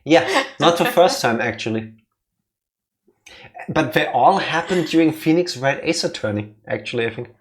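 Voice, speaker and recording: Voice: mid-range voice, animated, normal speed. A host teasing the co-host and laughing often during a let's play, with game music faint behind.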